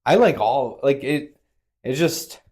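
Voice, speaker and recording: A man's voice: mid-range voice, animated, slow pace, darkish tone. A man co-hosting a casual podcast, easygoing and laughing a lot. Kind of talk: casual crude chat.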